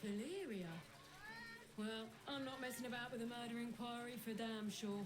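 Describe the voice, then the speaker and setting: An actress voicing a gruff, blunt game character who talks coarsely. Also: female voice, fairly high pitch, normal speed, lightly acted.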